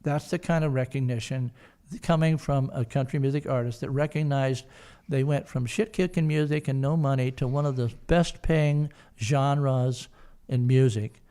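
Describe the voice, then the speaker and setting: A man's voice: medium pitch, steady tone, moderate pace, warm tone, smooth. An older man, a podcast guest, telling a long story in a rambling way with lots of hesitations. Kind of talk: casual storytelling.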